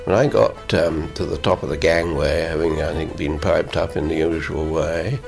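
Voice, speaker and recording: Older gravelly man telling an anecdote. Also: very deep voice, fairly even intonation, moderate pace, faint music behind. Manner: rambling, chuckling, with restarts. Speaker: former island governor recalling a royal visit. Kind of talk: anecdotal interview recollection.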